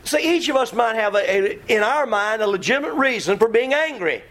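A man's voice: extremely high pitch, animated, fairly quick. A middle-aged man preaching a sermon in a folksy, emphatic way, quoting scripture and acting out his listeners. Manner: folksy, emphatic, mimics congregants with shouts.

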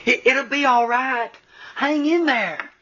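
A patient young father murmurs soothing, coaxing reassurances to himself, voiced high and bright as a preacher puts him on. The repeated gentle pleading carries his strained calm. It comes through a dull, lo-fi recording. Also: takes it slowly, full character voice.

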